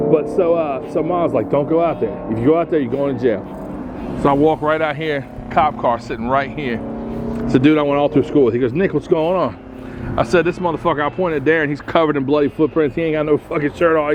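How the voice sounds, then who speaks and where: A man tells rough hometown stories outdoors, his voice pitched a little high and loose with profanity. He acts out the quoted voices as he goes. Faint street and traffic noise runs behind him. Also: lo-fi sound. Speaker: podcast host. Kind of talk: casual storytelling on a walking tour.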